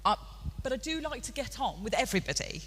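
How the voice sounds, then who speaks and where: A woman's voice: a little high, very animated, fast, a bit bright. A woman playing a meek, agreeable office worker who wants to get on with everyone, in a stage role-play. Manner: modest, mild. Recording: reverberant hall, faint noise.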